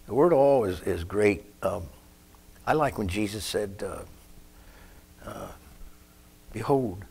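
A man with a fairly low voice preaching a sermon. He tells his stories in a folksy, rambling way and drifts into asides about himself. When he stresses a point, his voice climbs and gets louder. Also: lively intonation, takes it slowly, gravelly, slightly rough. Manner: folksy, rambling storyteller who breaks off to comment on himself.

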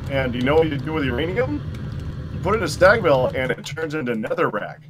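Male gamer, expressive lively delivery, explainer type, noisy chat audio. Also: a little high, quick pace. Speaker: game player. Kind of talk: casual gaming chat.

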